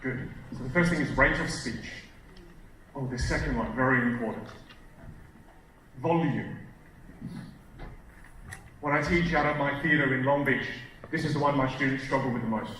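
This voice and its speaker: A man coaching a live seminar audience from a stage, animated, shifting his volume and pace for emphasis. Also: mid-range voice, moderate pace, pauses often. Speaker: communication coach. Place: stage in a large hall. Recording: very echoey hall, distant mic, faint hiss.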